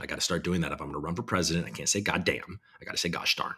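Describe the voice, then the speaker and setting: A man's voice: sits low, lively intonation, racing, few pauses, sharp tone, slightly rough. A man hosting a casual live stream, reading headlines aloud and reacting with profane, rambling commentary. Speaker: crypto show host.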